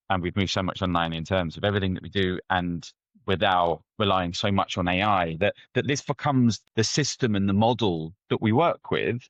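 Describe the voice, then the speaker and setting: Low-voiced man telling stories animatedly. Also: dry recording, dull audio. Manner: animated storytelling with frequent restarts. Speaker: head of ethnography, guest. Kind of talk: conversational interview answers.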